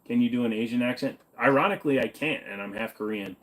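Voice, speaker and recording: A man's voice: mid-range voice, fast, hardly any pauses, fairly bright tone. A man hosting a livestream, reading viewer questions aloud and answering them offhand in casual, jokey chat with the odd swear.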